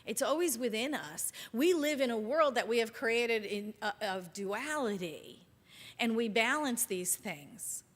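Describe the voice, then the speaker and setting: Animated woman minister preaching in a reverberant hall. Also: a little high, a little slow. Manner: conversational and animated, asks the congregation questions. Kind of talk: sermon.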